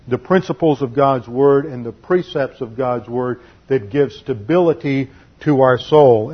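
A man teaching an expository Bible sermon in a measured, deliberate way, slowing down to stress key phrases. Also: medium pitch. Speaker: pastor. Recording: dull lo-fi recording.

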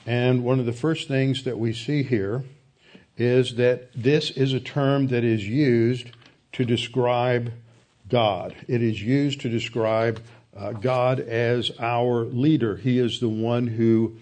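A man teaching a Bible lesson in a mellow, warm voice. He explains steadily and pauses now and then to find his words. His pitch sits in the ordinary middle range for a man. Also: steady tone. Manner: measured, explanatory teaching with occasional hesitations. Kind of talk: Bible study lecture.

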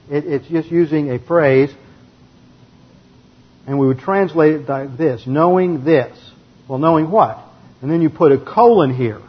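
Husky man teaching Bible grammar. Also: on the high side. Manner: methodical, explains grammar step by step, reads verses aloud. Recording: dull lo-fi recording.

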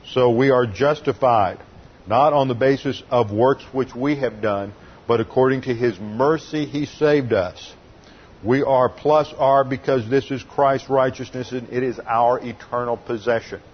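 Man, pastor, expository sermon, methodical teaching, middle pitch, dull lo-fi recording. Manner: methodical and didactic, explaining Greek grammar. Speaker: pastor teaching a Bible study.

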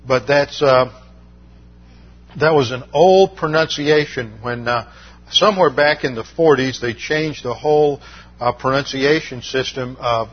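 A man teaches Scripture verse by verse in a measured, methodical way, pausing on Greek words and filling gaps with "uh." His voice is husky and mid-pitched. The recording sounds dull and lo-fi. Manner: methodical, explains Greek terms, frequent uh fillers. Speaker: Bible teacher.

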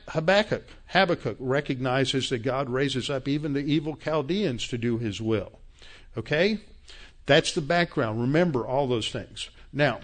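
A man preaching a sermon, citing scripture verses and scolding his listeners with growing force. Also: on the high side. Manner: emphatic, rising to angry scolding; quotes scripture references. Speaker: pastor.

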